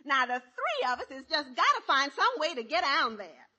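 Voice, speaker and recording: A demanding wife in an old radio comedy, her voice high, bright and swooping. She pleads and turns on the tears to get her way. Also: sing-song, moderate pace, full character voice. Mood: coaxing. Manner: pleading, weepy. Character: demanding wife, tearful, manipulative. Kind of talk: 1950s radio comedy acting.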